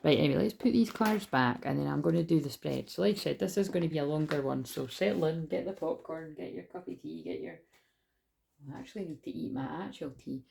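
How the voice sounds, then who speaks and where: A woman giving a casual spiritual card reading at home, chatty and rambling with excitable asides. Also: sits low, a little fast, vocal fry. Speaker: tarot reader. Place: at home indoors.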